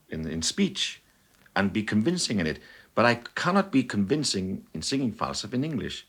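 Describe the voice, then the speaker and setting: A man's voice: on the low side, breathy edge. An older man with a Welsh accent, an opera singer reminiscing expansively and emphatically in an interview. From Wales. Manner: expansive and emphatic, lively storyteller. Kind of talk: reflective interview talk.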